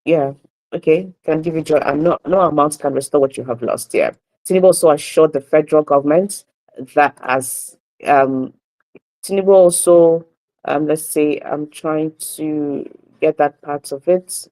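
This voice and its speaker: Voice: mid-range voice, steady tone, moderate pace, darkish tone, rough recording. A radio host with a Nigerian accent, reading and discussing newspaper headlines on a morning show with frequent fillers and self-corrections. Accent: Nigerian English.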